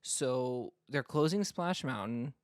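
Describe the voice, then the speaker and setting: A man's voice: mid-range voice, lively intonation, slow, dry recording. Man from North Florida, podcast co-host; rambly, casual, dry close-miked sound. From North Florida, US South. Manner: rambling, many fillers and restarts. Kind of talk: casual chat.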